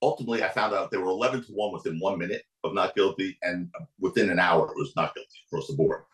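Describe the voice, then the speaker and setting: A man's voice: quick pace, roomy sound, low-quality recording. A man telling a courtroom story on a podcast as a guest attorney, acting out the people in it with big swings in his voice. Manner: animated, acts out quotes with big pitch swings. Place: podcast studio.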